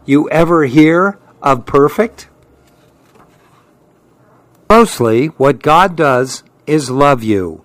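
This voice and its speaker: A man reading a children's storybook aloud in a calm, unhurried way. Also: medium pitch, no echo. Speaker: storybook reader.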